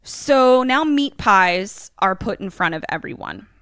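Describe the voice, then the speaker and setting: A young woman podcast co-host recapping a movie in casual, animated, profane storytelling. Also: mid-range voice, unhurried, clean tone, no room sound, clean studio sound.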